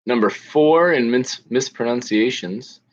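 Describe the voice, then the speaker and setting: A man hosting an online trivia night, reading out questions slowly with pauses and fillers. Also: medium pitch. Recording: dull lo-fi audio.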